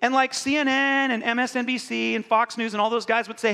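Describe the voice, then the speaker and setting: A man's voice: extremely high pitch, brisk. A man preaching a sermon to his congregation, joking and talking straight to the room. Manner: joking, animated, talks to the congregation. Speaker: pastor. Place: church hall. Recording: live in a reverberant hall.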